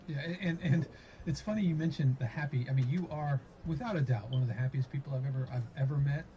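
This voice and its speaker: A man's voice: mid-range voice, fast talker, warm tone, muffled recording, slight background noise. A man hosting an interview, asking friendly, rambling questions. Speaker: interview host.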